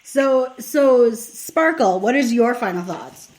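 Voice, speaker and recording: A woman's voice: fairly high pitch, lively intonation, takes it slowly, a little mellow, rough recording. A woman co-hosting a casual podcast, adding brief laid-back remarks and giggling. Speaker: podcast co-host. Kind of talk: casual chat.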